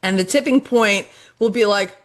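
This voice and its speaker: A woman's voice: mid-range voice, moderate pace. A middle-aged woman, a life coach guest on a podcast interview, talking earnestly and repeating her points for emphasis. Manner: earnest, repetitive, emphatic about affirmations.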